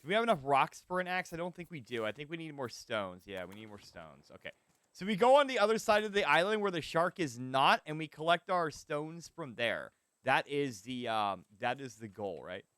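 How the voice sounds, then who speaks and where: A man streaming a survival game, giving animated, swear-laden commentary and chatting with his viewers. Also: fairly high pitch, normal speed, clear, resonant tone, no echo. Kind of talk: live gameplay commentary.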